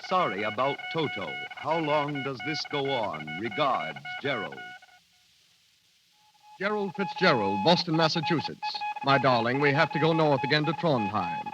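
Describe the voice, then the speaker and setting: A man's voice: fairly high pitch, huge pitch swings, normal speed, lo-fi sound. A man reading out telegrams in a clipped, telegram-like way, in 1930s radio drama style. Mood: dry. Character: male voice reading out cables. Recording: old radio broadcast with music behind.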